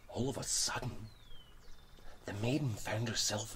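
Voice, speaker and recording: A man telling a fairy tale dramatically, dropping into hushed whispers and rising to loud exclaims. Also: fairly low pitch, measured pace, long pauses, slight background noise. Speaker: storyteller.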